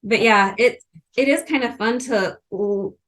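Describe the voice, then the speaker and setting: A woman's voice: fairly high pitch, a little slow, fairly bright tone. A woman from the Missouri Ozarks co-hosting a podcast, chatting casually about a book in a rambling way with many fillers. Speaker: podcast co-host.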